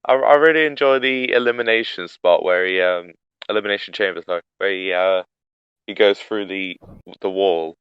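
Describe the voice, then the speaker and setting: A man's voice: low-pitched, moderate pace, clean tone, no echo, dull audio. A young man co-hosting a casual podcast, giving short replies and stammering on restarts. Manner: brief agreeing replies, stammering. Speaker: podcast co-host. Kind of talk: casual chat about wrestling.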